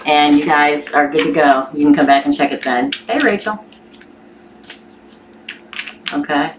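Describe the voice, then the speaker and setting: A woman's voice: deep voice, fairly quick. A woman from Missouri with a Southern accent, chatting aloud as she reads tarot cards on a live stream. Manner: chatty, thinks aloud while pulling cards. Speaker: tarot reader. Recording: distant mic with clear background noise.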